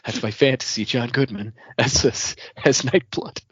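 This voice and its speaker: A man's voice: medium pitch, steady tone, moderate pace, husky, lo-fi sound. A man co-hosting a podcast in casual chat, joking and laughing often. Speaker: podcast co-host.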